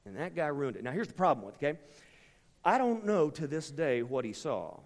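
A middle-aged man delivers a storytelling sermon in a slightly high voice. He swings from hushed, confiding asides to sudden shouts. His words echo with the long reverb of a large hall. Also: big pitch swings, a little fast.

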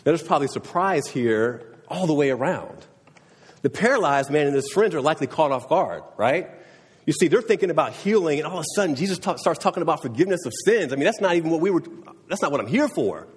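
A man's voice: fairly high pitch, lively intonation, quick pace, breathy edge, big-room sound. A man preaching a sermon in a conversational way, often checking in with his listeners. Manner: conversational, often asking "right?". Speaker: pastor.

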